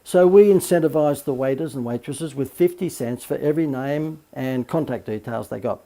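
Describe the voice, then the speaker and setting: Aussie marketing coach guy, mellow voice, tells stories with lots of punchy asides. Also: medium pitch, moderate pace, vocal fry. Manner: lively anecdotal storytelling with emphatic asides. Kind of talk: recorded course lecture.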